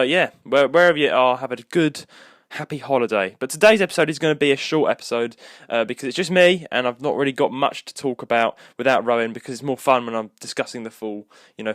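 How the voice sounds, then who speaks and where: A man's voice: mid-range voice, no echo, clean studio sound. A young man, hosting a solo podcast episode in a rambling, casual chat with lots of restarts. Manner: rambling, with many restarts and fillers. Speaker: podcast co-host.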